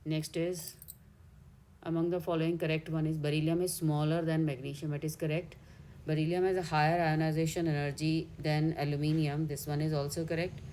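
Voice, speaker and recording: Indian woman, chemistry tutor, low voice, methodical step-by-step explaining. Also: little pitch movement, a little fast, warm tone, a little hiss or hum. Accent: Indian English. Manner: step-by-step explaining, corrects herself mid-way. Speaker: chemistry teacher. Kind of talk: exam solution walkthrough.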